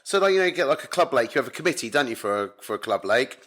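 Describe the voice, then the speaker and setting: A bright, forceful male voice at a middling pitch, talking in a loose, casual way. He's a carp angler from the UK, a guest on a podcast, and he tells his stories bluntly and with a lot of energy, with plenty of swearing thrown in. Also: big pitch swings, racing. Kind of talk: casual storytelling chat. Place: home in Spain.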